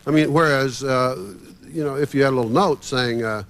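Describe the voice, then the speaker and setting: A man's voice: mid-range voice, a little fast, fairly bright tone. A man on a discussion panel who talks in a chatty, anecdotal way with hesitations. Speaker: panel guest.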